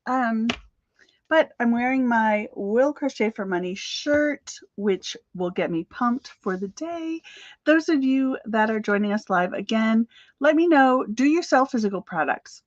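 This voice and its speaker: A woman's voice: a little high, expressive, measured pace, no echo, lo-fi sound. A woman coaching crochet sellers in a chatty, upbeat live stream, with fillers and little laughs. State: slightly out of breath.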